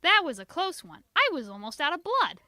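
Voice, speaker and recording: Junie B. Jones, a woman doing a shrill little girl. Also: huge pitch swings, a little fast, bright, forceful tone, no echo, studio quality, heavily acted. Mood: upset. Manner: shrieking, melodramatic outbursts. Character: excitable loud little schoolgirl, dramatic and stubborn.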